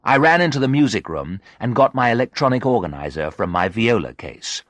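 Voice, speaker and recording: A man narrating a graded story in the first person, reading in an expressive storytelling manner. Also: sits low, dry recording, studio quality. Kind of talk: scripted narration of a graded reader.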